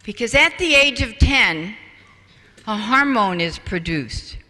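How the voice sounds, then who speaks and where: A man giving a public talk, telling stories in an animated, deliberate way. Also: sits high. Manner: animated storytelling, slow and deliberate. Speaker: speaker. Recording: echoey hall, distant mic.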